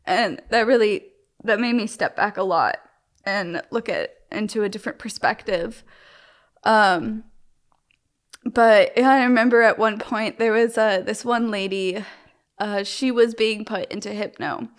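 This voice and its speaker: A young adult woman is interviewed about her own life, speaking at a measured pace in a medium-pitched voice. She's candid and emotionally open, rambling with frequent "like" fillers and restarting her sentences.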